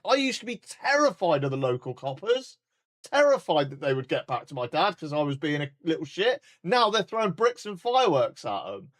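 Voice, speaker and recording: A man's voice: on the high side, big pitch swings, a little fast, a bit bright. A man in his forties with a British accent, ranting bluntly and heatedly in a sweary live stream chat. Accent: British English. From United Kingdom. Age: 40s.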